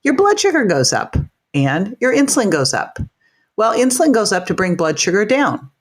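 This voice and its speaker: A woman's voice: medium pitch, moderate pace, slightly rough. Upbeat woman podcast host. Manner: upbeat, animated, explains simply. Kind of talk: casual podcast talk.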